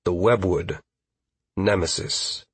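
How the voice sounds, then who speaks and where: A man narrating a fantasy audiobook in a steady, even storytelling manner on a close studio mic. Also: sits low, slow pace, slightly rough, dry recording.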